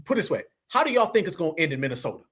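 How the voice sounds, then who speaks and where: A man hosting a reaction commentary, slangy and animated, talking straight to his viewers as family. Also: a little high, very fast, husky. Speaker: commentary channel host.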